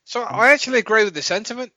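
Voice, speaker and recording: A man's voice: very high-pitched, racing, sharp tone, no room sound, poor audio. A man co-hosting a podcast, blunt and emphatic in his opinions. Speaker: podcast co-host. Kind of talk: casual podcast chat.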